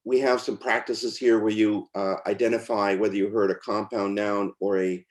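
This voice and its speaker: A man's voice: fairly low pitch, little pitch movement, moderate pace. A man teaching as he walks through pronunciation lessons on screen, in an informal way with fillers and restarts. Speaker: teacher demonstrating software. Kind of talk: screen-share walkthrough.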